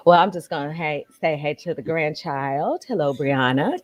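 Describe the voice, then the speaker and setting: A woman's voice: sits low, normal speed. A woman from Texas, co-hosting a casual video-call chat and telling stories, calling people honey and child. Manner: expressive storyteller, calls people honey and child. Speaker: co-host. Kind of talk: casual live-stream chat.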